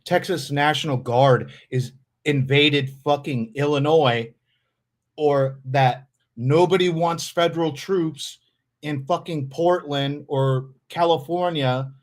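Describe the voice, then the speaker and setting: A man's voice: fairly high pitch, slow pace. A man hosting a casual livestream, blunt, profane and sarcastic as he reacts to clips. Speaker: streamer host.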